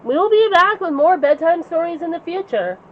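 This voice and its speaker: Woman storyteller, high pitch, gentle bedtime read-aloud, dull lo-fi recording. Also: expressive, brisk.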